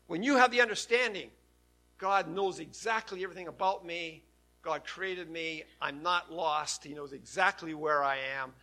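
A man preaching a sermon, his voice sitting high and bright. He drops to near hushes and then builds up to loud, emphatic lines. The delivery is that of a pastor speaking to his church. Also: normal speed. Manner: preaching with sudden swings between loud and soft.

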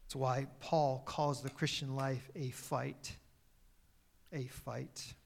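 A male pastor with a creaky, medium-pitched voice preaches slowly and with a flat delivery. Even so, he swings between emphatic, louder lines and quiet phrases that fall away, occasionally correcting himself mid-sentence.

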